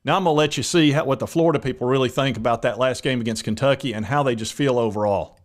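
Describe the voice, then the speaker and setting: A man's voice: mid-range voice, fast. A man hosting a sports talk channel, chatting casually and rambling with plenty of fillers. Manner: rambling, conversational, many fillers.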